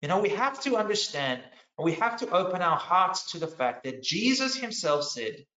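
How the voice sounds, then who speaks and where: A man preaching a sermon, telling his story in an animated way and swinging between loud and hushed delivery. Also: sits high, moderate pace. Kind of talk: sermon testimony. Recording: echoey, dull lo-fi sound.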